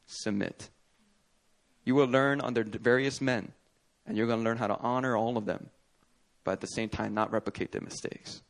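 A man preaching a sermon as pastor at a church service, telling stories with animated energy and acting out the people he quotes. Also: mid-range voice, fairly quick.

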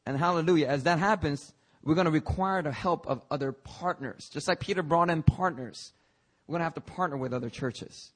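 A young man preaches a fervent sermon in a church sanctuary, with a husky, slightly raised voice. He keeps breaking in with "hallelujah" and talks in a loose, conversational way. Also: on the high side, brisk. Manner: fervent, often interjects "hallelujah".

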